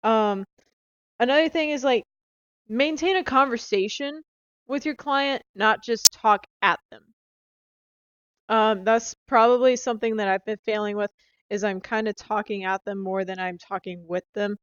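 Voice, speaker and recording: A woman's voice: on the high side, moderate pace, fairly bright tone, clean tone, no room sound, highs cut off. A young woman casually recapping her sales training into a handheld phone, chatty and upbeat with lots of fillers. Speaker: sales rep.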